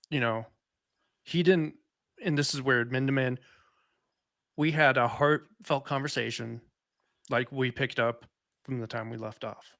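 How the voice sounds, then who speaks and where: Dry, close-miked man talking haltingly. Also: medium pitch, gravelly, fairly bright tone, dry recording. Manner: halting, reflective, many restarts. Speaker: podcast co-host. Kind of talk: candid conversation.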